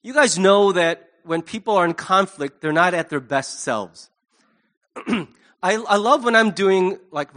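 A man's voice: sits high, fairly bright tone. A man preaching a sermon as pastor, conversational and humorous, slipping into acted asides. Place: church.

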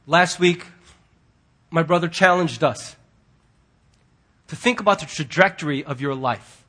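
Speaking a little slowly, a man delivers a sermon as a pastor before his congregation, his husky voice pitched high for a man. Earnest throughout, he stresses key words forcefully before sinking into hushed tones.

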